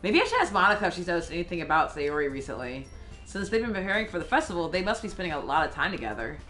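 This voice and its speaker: Young woman reading a game with a friend, exasperated, bright animated voice. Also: fairly low pitch, faint music behind. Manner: exasperated, quick to laugh. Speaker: co-host, game reader. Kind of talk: casual game playthrough reading.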